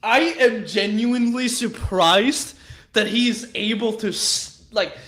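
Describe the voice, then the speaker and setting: A man's voice: high voice, slow pace, a bit bright. A man hosting his own channel, chatting casually in a rambling, profane way, laughing a lot between thoughts. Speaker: channel host.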